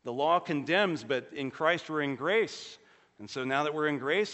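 Earnest preaching man in a reverberant hall. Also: normal speed. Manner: earnest preaching, swells louder for emphasis and drops low and quiet on solemn points. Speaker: pastor. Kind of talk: sermon.

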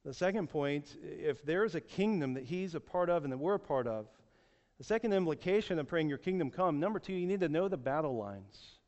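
A man's voice: a little high, lively intonation, fairly quick, a little mellow. A man in his forties preaching a sermon, telling a story earnestly and often repeating words. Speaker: pastor. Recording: echoey hall, dull sound.

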